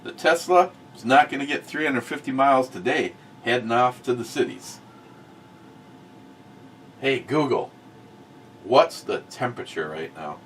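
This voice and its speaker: A middle-aged man hosting a casual talk show, blunt and profane, swinging from muttered asides to loud outbursts. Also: mid-range voice, lively intonation, a little slow, pauses often, far from the mic, slight background noise. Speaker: host of a review show.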